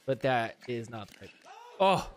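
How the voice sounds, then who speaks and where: A man hosting a podcast, giving chatty, wisecracking commentary over match footage and getting excited on big plays. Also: medium pitch, moderate pace. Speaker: podcast host.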